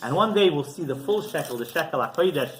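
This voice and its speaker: Animated man telling a sermon story. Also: on the high side, fast, a little hiss or hum. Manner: animated, chuckling, keeps asking "right?". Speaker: rabbi. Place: synagogue.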